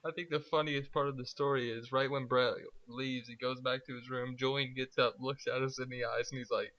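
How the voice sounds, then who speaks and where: A young man chatting casually as a podcast guest, retelling old high school stories with a laugh. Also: level tone, brisk, few pauses, fairly bright tone, dull audio. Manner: laid-back, laughing retelling. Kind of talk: casual chat.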